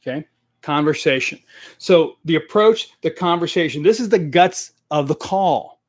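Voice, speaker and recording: A man coaching salespeople in a live stream, talking straight into a desk microphone in a direct, energetic way and repeating his key points. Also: fairly high pitch, moderate pace, no echo, studio quality.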